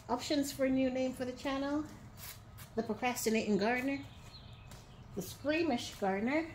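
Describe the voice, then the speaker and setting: A woman with a slightly high, somewhat mellow voice hosts a gardening channel outdoors, with a bit of background noise. She chats casually and playfully to the camera, teases herself, and calls her viewers beautiful people.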